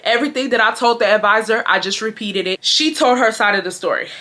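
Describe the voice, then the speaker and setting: Bright-voiced young woman telling a story. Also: a little high, fast talker. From Houston, Texas. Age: 20s. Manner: animated, slangy, swears freely. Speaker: storytime vlogger. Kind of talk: casual storytime chat.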